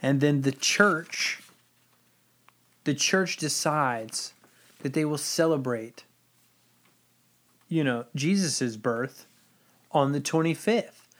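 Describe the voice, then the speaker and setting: A man's voice: fairly high pitch, slow, pauses often, fairly bright tone. Wry man making sarcastic asides in chat. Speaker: podcast co-host. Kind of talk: casual chat.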